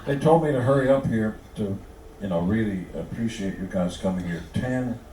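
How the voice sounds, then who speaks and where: A man telling jokes on stage to fans with deadpan punchlines and self-mocking asides. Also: lowish voice, moderate pace. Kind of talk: live stage joke-telling. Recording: echoey hall, distant mic, background noise.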